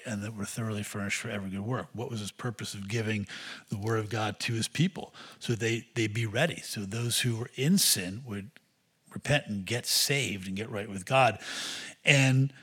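A man's voice: on the low side, moderate pace, fairly bright tone, breathy edge. A man preaching an expository sermon, teaching steadily through Scripture and rising into emphatic bursts.

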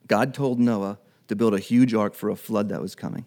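A man's voice: on the low side, steady tone, a little mellow. Conversational male preacher. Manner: conversational, acts out Bible dialogue in quick voices. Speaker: pastor. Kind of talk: sermon.

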